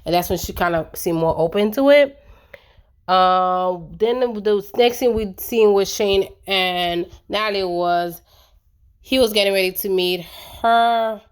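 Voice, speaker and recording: A woman's voice: lowish voice, clean tone. A woman giving a casual, opinionated recap of a reality show, chatty and colloquial with lots of fillers.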